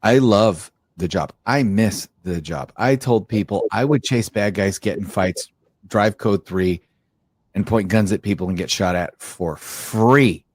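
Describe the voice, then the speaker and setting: Low-voiced guy co-host, blunt, cusses, dry close sound. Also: unhurried, no room sound. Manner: blunt, swears freely, talks in fragments. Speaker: podcast co-host. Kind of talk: casual podcast chat.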